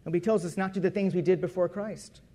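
A man with a noticeably high voice delivers a sermon built around his own testimony. He tells it like a conversation, restarting and correcting phrases as he goes. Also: steady tone, fast, mellow. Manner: conversational storytelling with self-corrections. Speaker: preacher.

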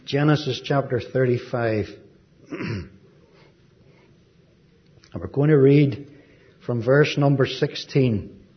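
An Irish man giving a sermon as a visiting preacher, gentle and folksy, with frequent ums and asides. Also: mid-range voice, slow, long pauses, lo-fi sound. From Ireland.

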